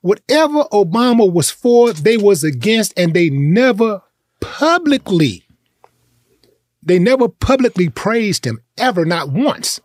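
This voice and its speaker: Guy with a high voice going off, blunt and profane, dry close sound. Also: big pitch swings, a little slow, a little mellow, dry recording. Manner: blunt, profane, emphatic ranting with repetition. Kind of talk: heated casual chat.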